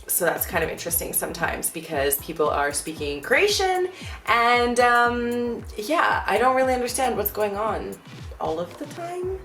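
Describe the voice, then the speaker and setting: A young American woman vlogging a casual Q and A from her bedroom, chatty and animated, with lots of fillers. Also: on the low side, roomy sound. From United States. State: out of breath. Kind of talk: casual Q and A vlog. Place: indoors at home, bedroom.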